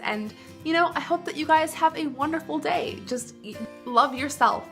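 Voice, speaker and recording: A young woman chatting casually through a makeup tutorial, bubbly and loose, saying "like" often. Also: fairly high pitch. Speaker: beauty vlogger.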